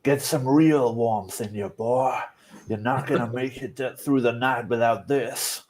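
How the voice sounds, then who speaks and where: A man voicing a pompous, gruff adventurer in a slow, affected put-on accent. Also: medium pitch, steady tone, darkish tone, natural voice.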